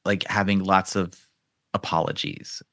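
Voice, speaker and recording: A man with a very low voice hosts a casual podcast interview. He asks long, meandering questions padded with fillers. The sound is dry and close, with no room behind him. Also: flat delivery, measured pace, a bit bright, dry recording. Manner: rambling questions full of fillers. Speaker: podcast host.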